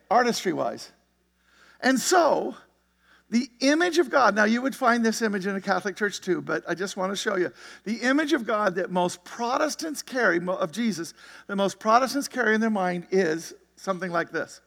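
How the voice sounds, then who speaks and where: Gravelly high-voiced pastor preaching in a hall. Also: male voice, fairly bright tone. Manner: conversational preaching with frequent "right?" and "you see it?". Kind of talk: sermon.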